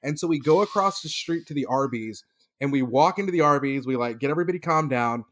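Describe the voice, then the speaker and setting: A man's voice: mid-range voice, fast talker. A man on a comedy podcast telling a story casually and animatedly, acting out the voices of the people in it. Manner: animated, acts out voices in stories. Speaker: podcast co-host.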